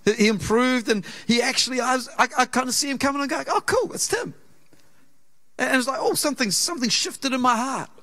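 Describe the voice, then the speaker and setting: A man with a New Zealand accent preaches from the pulpit in a fairly high voice for a man. He tells a personal story in an earnest, conversational way and slips into the voices of the people in it. His delivery moves between quick storytelling and slower, lower points of emphasis. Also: sharp tone. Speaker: pastor. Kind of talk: sermon. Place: church auditorium.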